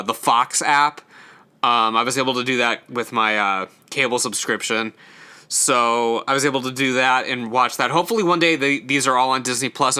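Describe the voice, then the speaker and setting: A man's voice: medium pitch, bright, forceful tone, clear, resonant tone. A young man hosting a casual solo ranking show, talking in a chatty way with lots of fillers and stumbling over his words now and then. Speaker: host ranking episodes.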